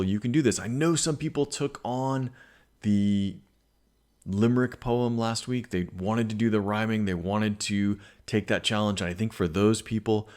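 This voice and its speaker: A male English teacher giving a recorded lesson, explaining patiently and reading poems aloud, with frequent fillers. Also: fairly low pitch.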